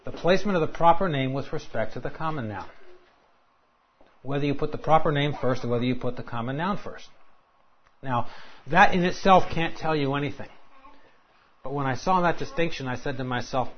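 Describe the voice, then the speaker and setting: A man's voice: mid-range voice, a little fast, long pauses, a little hiss or hum. A man lecturing a class on scripture, asking rhetorical questions and quoting verses with emphasis. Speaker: Bible teacher. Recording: dull lo-fi recording.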